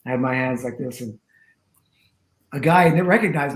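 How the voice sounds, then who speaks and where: A man's voice: mid-range voice, normal speed. A man who teaches tantra, a guest telling a long personal story in a chatty, rambling way, full of "you know" and acted-out quotes. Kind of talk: storytelling in a conversation. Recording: roomy echo.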